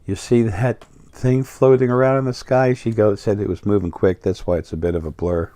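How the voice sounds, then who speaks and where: A man's voice: fairly low pitch, steady tone, normal speed, warm tone, dry recording. A middle-aged man with a New York accent talking in a rambling, casual monologue full of fillers and restarts. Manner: meandering, many fillers and restarts. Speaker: spiritual video host.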